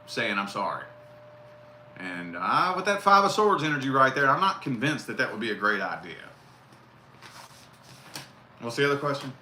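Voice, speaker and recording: Blunt male tarot reader, bright tense voice, roomy echo; casual and profane. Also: fairly low pitch. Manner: blunt, profane, repeats key phrases. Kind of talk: casual live tarot reading. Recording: roomy echo with faint noise.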